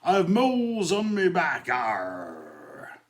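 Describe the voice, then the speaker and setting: A man's voice: on the high side, wildly swooping pitch, extremely slow, pitched above the performer's own voice, exaggerated voice. A man voicing a joking male pirate in a punchline, growling an "arr" at the end. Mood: jokey.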